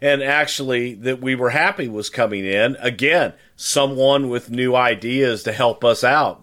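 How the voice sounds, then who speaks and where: A middle-aged man talking on a casual podcast. His voice sits at an ordinary pitch, and he speaks bluntly and emphatically, setting the record straight with firm denials. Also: a bit bright. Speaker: podcast co-host recalling his career.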